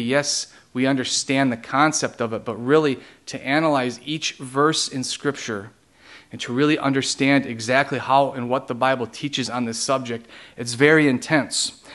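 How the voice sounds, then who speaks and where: A male pastor delivers a teaching sermon, his voice sitting at an ordinary middle pitch. He keeps putting rhetorical questions to the congregation and pauses to explain theological terms. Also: a bit bright.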